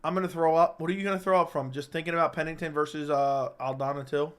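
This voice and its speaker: A man's voice: on the high side, steady tone, fast, smooth. A young man hosting a live-stream chat, rambling and joking as he reads viewer comments aloud.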